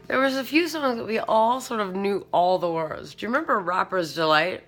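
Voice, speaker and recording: A woman who was once a stand-up comedian, speaking in a casual, rambling, soft-spoken, self-deprecating monologue. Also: lowish voice, big pitch swings, a little fast, gravelly, faint music behind.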